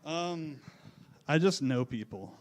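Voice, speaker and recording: A man's voice: fairly high pitch, animated, slow pace. A man who just performed at a bar, answering questions about his music in a laid-back, easygoing way. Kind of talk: casual interview answers. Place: bar at a live music event.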